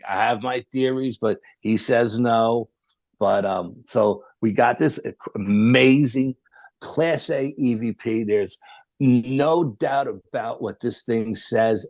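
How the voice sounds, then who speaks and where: Low-voiced man telling a rambling story. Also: dry recording. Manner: rambling, animated retelling with quoted dialogue. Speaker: podcast guest. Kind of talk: casual storytelling.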